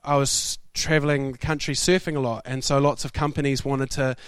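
A young man preaching a sermon, telling stories in a lively way and laughing often. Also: medium pitch, a little fast, clean tone, dry recording. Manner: animated, laughing storyteller. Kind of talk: sermon storytelling.

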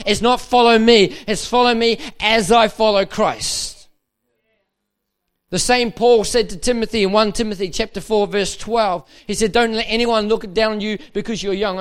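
A man with a high, bright-sounding voice preaching to a room of leaders. He drives his points home with repetition and swells into urgent, fervent emphasis. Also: smooth. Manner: impassioned, repeats phrases, rises to urgent emphasis. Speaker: pastor. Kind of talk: preaching a sermon. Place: dinner event hall.

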